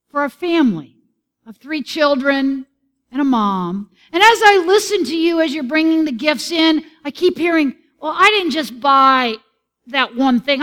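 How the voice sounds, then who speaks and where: A woman's voice: sits high, fairly bright tone. A woman pastor preaching and leading her congregation in a church. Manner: encouraging, leads the congregation in song. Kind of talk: sermon with congregational singing. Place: church sanctuary.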